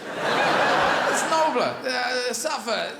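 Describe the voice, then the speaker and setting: A man doing a halting, drawling actor impression. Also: extremely high pitch, very animated, vocal fry, heavy background noise, pitched above the performer's own voice, exaggerated voice. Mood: deadpan. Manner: halting, odd pauses, rambling. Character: drawling offbeat male actor doing Shakespeare. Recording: echoey theatre with loud audience laughter.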